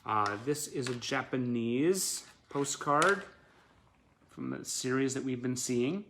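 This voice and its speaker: A man's voice: medium pitch, slow, background noise. A man who collects band memorabilia, chatting casually on a live stream and showing off his items, enthusiastic and full of fillers.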